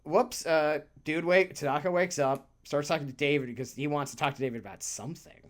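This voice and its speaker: Fairly quick and medium-pitched, this podcast co-host keeps the casual talk rambling and lively, peppered with offhand swearing and lots of laughing.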